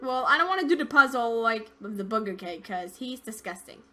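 A young woman giving casual let's-play commentary, excitable and easily scared, with squeals and laughs. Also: fairly high pitch, fairly quick, faint music behind.

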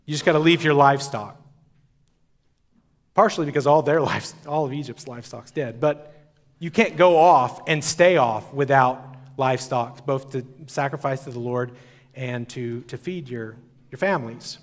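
Speaking in a mid-range voice at a moderate pace, a man delivers a sermon at a conference, retelling the story casually and conversationally. Long hall reverb fills the recording.

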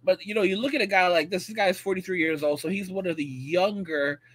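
A millennial man from the United States giving a profane, animated commentary and acting out quoted voices. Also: sits high, fast, no echo. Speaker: commentator reacting to a video. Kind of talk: casual ranting commentary.

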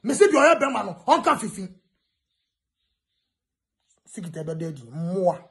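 A man's voice: high-pitched, very animated, moderate pace, fairly bright tone. A Ghanaian man ranting in a taunting way, mixing English, pidgin and Twi. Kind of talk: ranting video message.

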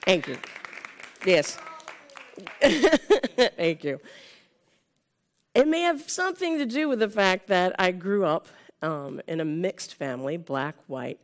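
A woman's voice: fairly low pitch, sing-song, slow, long pauses, some chatter behind. Conversational woman keynote speaker in her fifties. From Sonoma County, California. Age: 50s. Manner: conversational, with frequent "right?" tags to the audience. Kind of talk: conference keynote talk. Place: conference room with a live audience.

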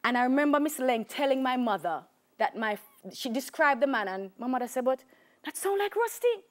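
A woman's voice: on the high side, a little fast. A woman with a Jamaican accent, a talk show guest telling her life story with emphatic repetition. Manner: animated storyteller, acts out voices, emphatic repetition.

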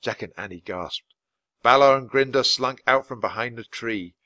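A man reading a children's storybook aloud at a natural, steady pace for learners. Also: mid-range voice, normal speed, no echo. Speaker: reader.

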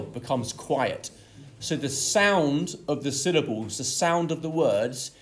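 A man's voice: mid-range voice, a little hiss or hum. A man teaching an English literature lesson, explaining a poem step by step and leaning on key words. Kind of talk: exam tutorial lesson.

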